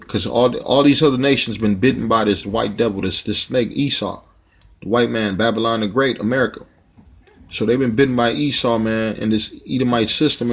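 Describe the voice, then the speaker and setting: A man's voice: mid-range voice, normal speed. A man preaching bluntly with profanity, reading scripture aloud and commenting on it, often tacking "man" onto his phrases. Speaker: religious teacher.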